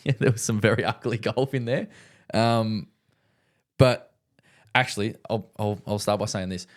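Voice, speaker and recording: A man's voice: lowish voice, fairly even intonation, moderate pace. A young man co-hosting a podcast, telling stories in a laid-back, rambling way with lots of fillers. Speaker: podcast co-host. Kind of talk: casual chat.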